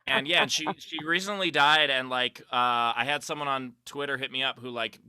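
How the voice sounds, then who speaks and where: A man's voice: medium pitch, brisk, pushed and bright, clean tone, no room sound. A man hosting a comedy chat over a video call, telling profane stories and laughing through them. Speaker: podcast host and comedian. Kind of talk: casual chat, storytelling.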